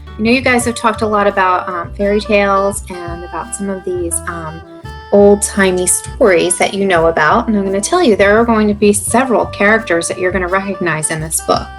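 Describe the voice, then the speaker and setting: A woman's voice: medium pitch, a little fast, faint music behind. A woman kindergarten teacher reading a picture book aloud to children and explaining as she goes. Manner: animated, expressive, explains to kids.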